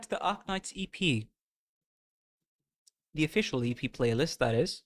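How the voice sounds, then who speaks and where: A man's voice: medium pitch, animated, unhurried, pauses often, fairly bright tone. A man with a British accent chatting casually on a reaction stream, playful and self-mocking.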